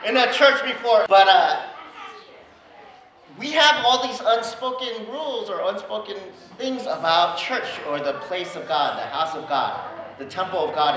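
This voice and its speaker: Woman pastor, playful sermon, bright tone, strongly echoing church, slightly dull sound. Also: on the high side, a little hiss or hum. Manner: lively, playful, talks to the congregation. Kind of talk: sermon with children's activity.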